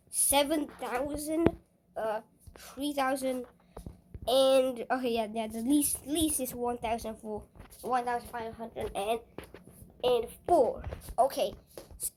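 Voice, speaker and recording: A woman's voice: high-pitched, a little hiss or hum, poor audio. A woman hosting a gaming channel, chatting casually and stumbling over her words, repeating them as she goes. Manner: stammering, repeats words, chatty and self-conscious. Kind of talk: casual gameplay commentary.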